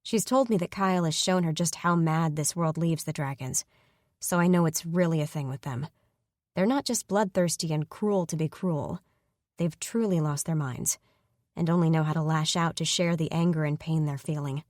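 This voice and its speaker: A woman narrating a first-person fantasy romance audiobook in a steady, even storytelling manner on a close mic. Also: sits low, normal speed, dry recording.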